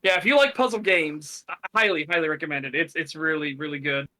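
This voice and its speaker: Bright high-voiced man chatting on stream. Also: fast talker. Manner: animated, mimics voices, laughs often. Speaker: streamer co-host. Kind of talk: casual stream chat reacting to a video.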